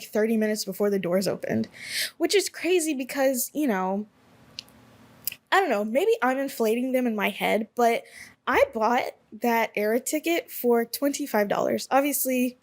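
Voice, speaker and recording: Rambling, chatty woman podcaster from Alabama. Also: fairly high pitch. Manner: rambling, chatty, self-correcting. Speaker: podcast host. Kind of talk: casual solo podcast monologue.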